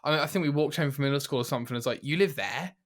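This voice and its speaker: A British man co-hosting a gaming podcast, chatting casually in an animated, jokey way. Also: medium pitch, racing. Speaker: podcast co-host. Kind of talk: casual chat.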